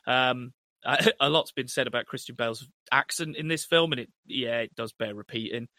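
Sweary, animated British-style podcast man. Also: mid-range voice, normal speed, no echo. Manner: sweary, animated, laughing asides. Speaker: podcast co-host. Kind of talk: casual film chat.

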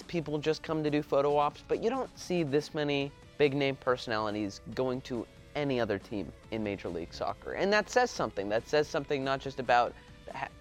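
A man co-hosting a soccer talk show, speaking in a lively, animated way. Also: on the high side. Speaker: co-host. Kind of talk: casual sports chat.

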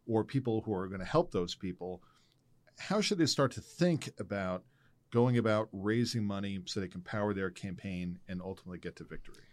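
Low-voiced male interview host. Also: no echo. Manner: measured, explanatory, recounts own campaign. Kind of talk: interview questions and commentary.

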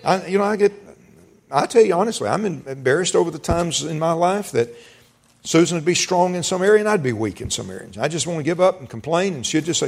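A man's voice: a little high, animated, quick pace, vocal fry, breathy edge. A middle-aged man, a pastor, preaching a sermon in a folksy storytelling way, laughing and quoting conversations as he goes.

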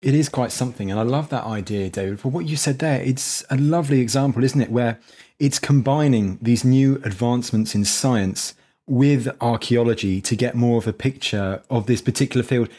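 A man's voice: medium pitch, moderate pace, mellow, breathy edge. A man hosting a history interview, asking questions in an enthusiastic, effusive way. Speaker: podcast host.

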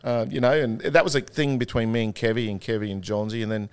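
Aussie bloke in his 50s, podcast guest, relaxed yarns, laughs a lot. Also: mid-range voice, fast talker, smooth. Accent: Australian. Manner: laid-back anecdotal storytelling, laughs often. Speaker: podcast guest, former rugby league player. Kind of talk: casual chat.

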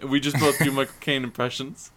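A man co-hosting a podcast in casual chat, playful and quick to riff on jokes. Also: mid-range voice, flat delivery, fairly bright tone, slight background noise. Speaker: podcast co-host.

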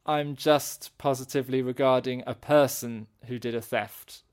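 A man's voice: mid-range voice, fairly even intonation, moderate pace, clean tone. A man in casual podcast chat, thinking aloud and searching for his words. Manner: thoughtful, searching for words, many restarts.

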